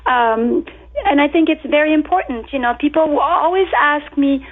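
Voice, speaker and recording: A woman's voice: high voice, normal speed. A woman from France with a French accent, a bakery owner talking emphatically and repeating her words as a guest on a casual radio interview. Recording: tinny phone-like line.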